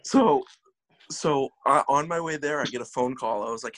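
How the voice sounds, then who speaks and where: Young New guy, twenties, husky, swearing storyteller for a chatty show. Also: medium pitch, animated, brisk, fairly bright tone, no echo, low-quality recording. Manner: rambling, profane, laughing storytelling. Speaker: podcast host. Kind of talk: casual storytelling chat.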